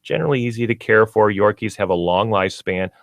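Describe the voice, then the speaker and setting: Midwest guy, middle-aged, lowish voice, chatty, explains stuff, dry studio mic. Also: fast talker, no room sound. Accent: Midwestern American. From Minnesota, US Midwest. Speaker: pet store owner, radio show guest. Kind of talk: casual radio chat.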